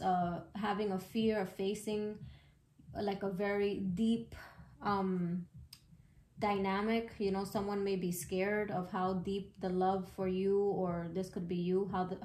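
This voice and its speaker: A woman's voice: medium pitch, warm tone. A woman doing a casual tarot reading, chatty and slangy, speaking bluntly and swearing freely. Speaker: tarot reader. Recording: echoey room with background noise.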